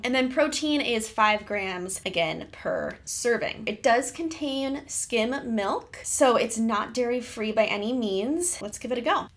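A woman's voice: on the high side, a bit bright. A young adult woman, a fitness vlogger, giving a chatty, upbeat product review and reading out nutrition facts.

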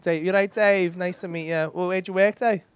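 Sweary comedian doing crowd work. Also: male voice, sits high, fairly even intonation, normal speed, a little hiss or hum. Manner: cheeky, sweary banter with audience members. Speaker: stand-up comedian. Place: comedy club stage. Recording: live club with audience laughter.

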